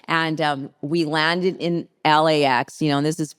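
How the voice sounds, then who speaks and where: A middle-aged woman, a podcast guest, telling a story in a lively, casual way and acting out the people in it. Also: low voice, normal speed, clear, resonant tone. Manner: lively anecdote teller who acts out quoted people.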